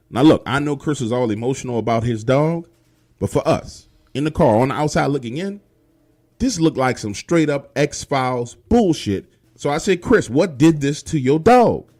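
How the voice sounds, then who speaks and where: A man's voice: a little high, darkish tone. A man telling a first-person true horror story in casual, profane street slang, speaking directly to the listener. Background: faint music.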